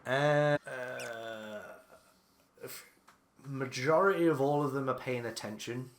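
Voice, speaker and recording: A man's voice: mid-range voice, takes it slowly, slight background noise. A man narrating a tabletop game as game master, describing things in a rambling way with many ums and restarts.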